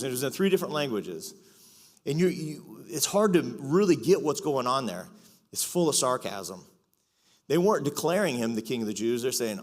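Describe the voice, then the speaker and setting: Brief: male preacher, middle pitch, conversational and self-mocking, long church-hall reverb. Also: expressive, normal speed, long pauses. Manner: conversational, confessional, joking asides. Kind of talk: sermon. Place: church auditorium.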